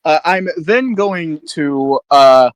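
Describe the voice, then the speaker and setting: A man takes his turns as a player in a tabletop game. His voice is somewhat high and recorded dry and close, and he talks in a casual, hesitant way with fillers. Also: expressive, takes it slowly, no room sound.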